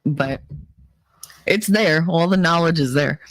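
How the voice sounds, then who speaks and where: A woman's voice: sits low, slow, dry recording. A woman with a New Jersey accent chatting casually with her viewers, reading their comments aloud, laughing often and mimicking her relatives. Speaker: streamer reading chat. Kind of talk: casual chat.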